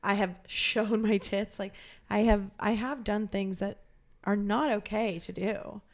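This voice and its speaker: A young woman talking casually with friends, blunt and foul-mouthed. She tells stories with lively put-on quotes, at an even, ordinary pitch. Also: measured pace. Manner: blunt, swears freely, acts out quotes. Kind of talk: casual chat.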